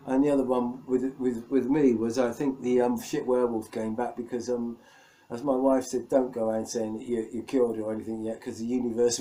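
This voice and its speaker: A man's voice: mid-range voice, warm tone, rough recording. A middle-aged man from England, rambling and self-mocking in a casual video diary, laughing often. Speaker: vlogger.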